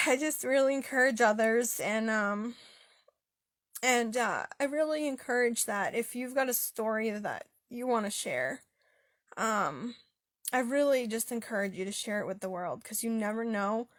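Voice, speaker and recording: A young woman, an author talking earnestly and encouragingly, with many ums and pauses, getting emotional at times. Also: on the high side, dry recording, studio quality. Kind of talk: heartfelt personal talk.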